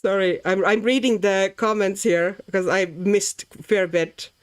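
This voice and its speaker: Relaxed chatty woman from Latvia. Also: medium pitch, moderate pace, clean tone. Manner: chatty and easily amused, reading out comments while working; relaxed, thinking aloud about her colouring. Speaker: livestream host colouring while chatting. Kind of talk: casual livestream chat.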